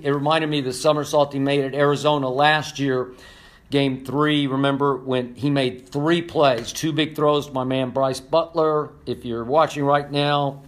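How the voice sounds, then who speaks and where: An older man giving impassioned sports commentary, emphatic and repetitive, hoarse from losing his voice. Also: mid-range voice.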